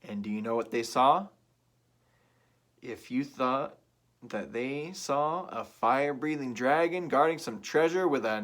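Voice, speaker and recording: Male storyteller for children: slow, drawn-out and playful, asks the listener questions. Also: medium pitch, fairly bright tone.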